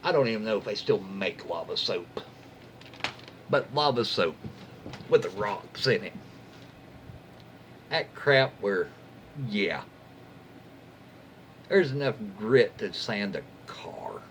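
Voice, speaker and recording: Reading Reddit stories on YouTube, a man talks slowly and pauses often, his pitch lilting up and down in a relaxed, chatty way. He frequently breaks in with wry, folksy remarks and self-censored jokes while a faint hum lingers behind him.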